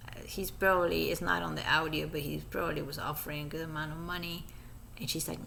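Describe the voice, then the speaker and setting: A woman's voice: low-pitched, little pitch movement, quick pace, vocal fry, bright, forceful tone, a little hiss or hum. A woman giving chatty, gossipy commentary over a recording she plays.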